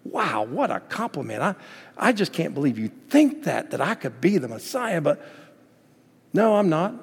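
A preacher putting on a fawning fake-humble prophet. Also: male voice, on the high side, sing-song, moderate pace, vocal fry, slightly rough, long reverb tail, exaggerated voice. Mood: mock-humble. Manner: fawning, hesitant, mock-humble. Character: falsely modest prophet fishing for praise.

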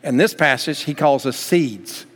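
A man's voice: mid-range voice, unhurried, a bit bright. A man preaching a sermon as pastor, from the United States, building to fervent emphasis. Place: church sanctuary. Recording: long hall reverb.

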